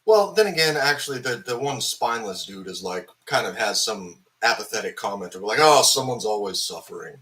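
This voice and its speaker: Bright-voiced man in a profane rant. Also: on the low side, animated, brisk, hardly any pauses. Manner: profane, angry, rambling with many fillers. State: hung over. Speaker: film reviewer. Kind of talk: ranting film review.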